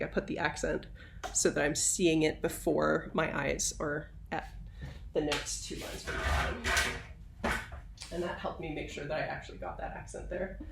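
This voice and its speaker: A woman viola professor giving a patient, explanatory instrumental tutorial, pausing now and then with fillers. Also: low-pitched, reverberant, recorded from a distance, slight background noise, rough recording. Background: viola playing.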